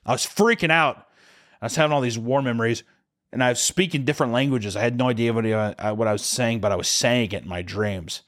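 A man's voice: medium pitch, a little fast, a bit bright. A young man co-hosting a podcast, telling a story in a casual, profane, jokey way. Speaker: podcast co-host.

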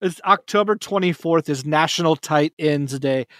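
A man's voice: on the high side, dry recording, studio quality. A man hosting a casual sports podcast, jokey and upbeat. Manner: jokey, upbeat, quick laughs. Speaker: podcast host.

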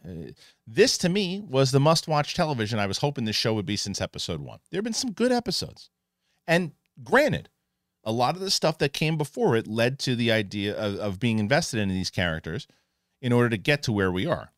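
A man hosting an online show, giving a casual spoken review of a TV episode, animated and full of restarts. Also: medium pitch, no echo, clean studio sound. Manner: animated, restarts often, acts out characters in quick asides.

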